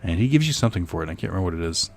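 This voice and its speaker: A young man gives casual let's-play commentary, rambling and cracking jokes with the odd profane aside. His voice is deep and gravelly. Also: animated, very fast, soft background music. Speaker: gaming streamer.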